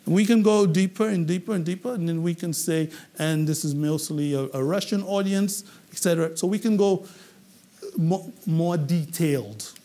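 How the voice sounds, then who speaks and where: A man from England teaches a public speaking class in a high voice. He is animated and keeps checking that the class follows along with quick questions. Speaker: English public speaking trainer.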